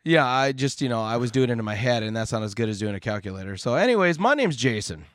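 Podcast host, male, animated jokey banter, dry close mic. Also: mid-range voice, fast, no room sound. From Minnesota. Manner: lively, laughing, jokey delivery. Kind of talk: casual chat. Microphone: podcast mic, virtual studio.

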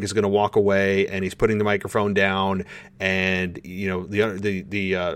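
A man with a somewhat low voice talks casually as host of a podcast. He rambles with animated swings and frequent restarts. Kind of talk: casual solo podcast talk.

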